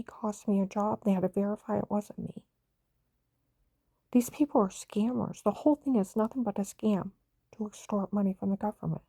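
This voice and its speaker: An older woman with a gravelly, dark-toned voice tells her own story in an intense, urgent way. Her account rambles from one thing to the next, recorded close and dry with no room sound. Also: mid-range voice, no echo.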